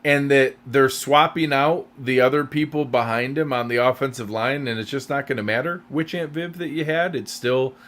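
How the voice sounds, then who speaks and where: A man's voice: mid-range voice, steady tone, moderate pace, few pauses, a bit bright. Male podcast co-host, mid-range voice, loose rambling delivery full of restarts. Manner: rambling, hesitant with many restarts. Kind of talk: casual sports chat.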